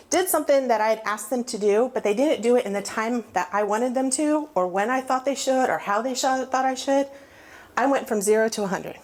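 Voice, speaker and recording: Higher-voiced woman telling her story. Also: a little mellow. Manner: candid storytelling with self-mocking humor. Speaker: recovery testimony speaker. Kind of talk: personal testimony.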